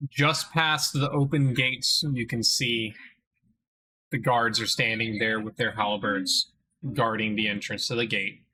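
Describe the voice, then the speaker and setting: Slow, bright-voiced male game master. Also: on the low side, steady tone, rough recording. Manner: swears casually, slows down to narrate. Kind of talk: narrating a tabletop game. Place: home, with a child nearby.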